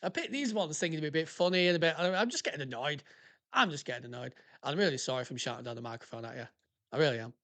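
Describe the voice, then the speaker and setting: A man's voice: a little high, expressive, rapid-fire, bright, forceful tone. A man, a podcast host and former police officer, giving heated, sweary commentary on listener stories. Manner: sweary, heated and ranting, breaking into laughs. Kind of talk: ranting casual commentary on listener submissions.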